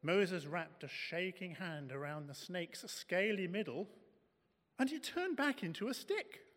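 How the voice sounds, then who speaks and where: Slow, high-voiced man reading a story. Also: expressive, fairly bright tone. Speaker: reader. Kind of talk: reading a children's Bible story aloud. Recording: echoey hall.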